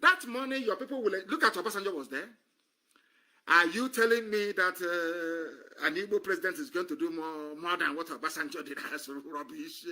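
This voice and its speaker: On a live stream, a Nigerian man with a bright, forceful, high-pitched voice speaks at a moderate pace through an impassioned political monologue. He is scornful and emphatic, repeating phrases for effect.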